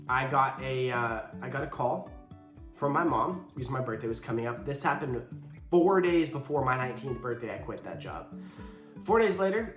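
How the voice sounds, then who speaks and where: A man's voice: medium pitch, a bit bright. A young man telling a personal story in a casual vlog, candid and blunt, acting out the lines of the people in it. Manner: candid, blunt, with swearing and quoted dialogue. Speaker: YouTuber telling his story. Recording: echoey room with faint guitar music.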